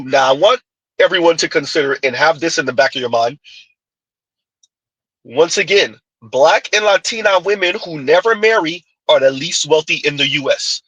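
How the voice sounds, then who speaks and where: A husky man hosts his commentary, addressing viewers emphatically with rhetorical questions. His tone is bright and forceful, and the sound is dry and close. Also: on the high side, dry recording, poor audio. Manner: emphatic, rhetorical, talks to the audience. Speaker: host.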